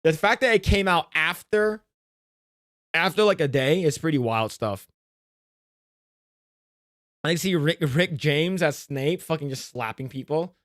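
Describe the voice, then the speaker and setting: A man streaming live, reacting to a video in a casual, excitable way, swearing often and restarting his sentences. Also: on the high side, a little slow, long pauses, dry recording, clean studio sound.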